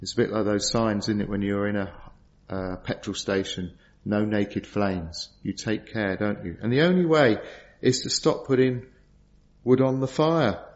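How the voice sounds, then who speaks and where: A man's voice: fairly low pitch, unhurried, darkish tone. A middle-aged man preaching a sermon, earnest and storytelling, asking rhetorical questions. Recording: dull lo-fi sound.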